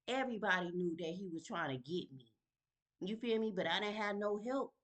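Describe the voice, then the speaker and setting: A woman tells her own story in a casual vlog, at a middle pitch. She speaks in an emphatic, conversational way and keeps checking in with the listener. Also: lively intonation, a little fast. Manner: emphatic and conversational, fond of asking "you feel me?". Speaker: vlogger sharing her story.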